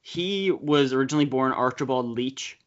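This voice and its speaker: A young man hosting a casual movie podcast, talking fast with quick asides. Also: medium pitch. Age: young adult. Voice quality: chatty, quick asides, frequent laughs. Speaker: podcast host. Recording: slightly dull podcast audio.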